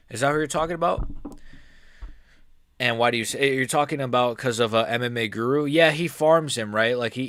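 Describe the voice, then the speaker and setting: A man giving casual live-stream commentary as an MMA YouTuber, rambling and excitable, often restarting his sentences. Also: medium pitch, no echo, clean studio sound.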